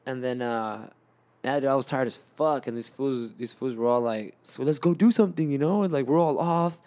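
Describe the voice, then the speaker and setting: A man's voice: mid-range voice, a little fast, darkish tone. Profane, rambling young man telling stories. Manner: rambling, profane, acts out friends' lines. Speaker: podcast host. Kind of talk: casual storytelling chat.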